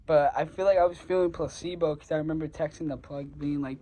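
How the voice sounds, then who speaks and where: A man's voice: a little high, fairly even intonation, fast, warm tone, slight background noise, low-quality recording. A young man casually telling a personal story, rambling with lots of fillers and swearing. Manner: rambling, filler-heavy, profane, gets heated. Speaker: vlogger.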